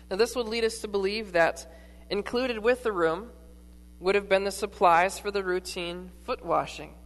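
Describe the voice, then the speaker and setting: A preacher telling a scripture story in a sermon, with dramatic pauses and dropping to a hush for emphasis. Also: mid-range voice. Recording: echoey hall with mains hum.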